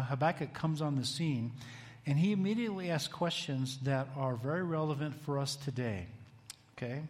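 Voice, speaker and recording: A man giving a conversational bible teaching, often asking the room questions and raising his voice when he reads scripture aloud. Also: mid-range voice. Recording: long hall reverb.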